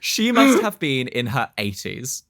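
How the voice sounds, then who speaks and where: A man co-hosting a casual comedy podcast, giving wry, deadpan advice to listeners. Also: mid-range voice, a little slow, gravelly, no echo. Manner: dry, wry agony-uncle advice. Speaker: podcast co-host.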